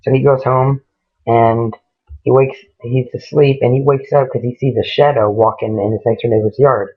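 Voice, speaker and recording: Male storyteller, creaky and flat-voiced, rambling casual ghost-story retelling, tinny phone-quality audio. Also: medium pitch, moderate pace. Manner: rambling, repeats "he goes" and "she goes".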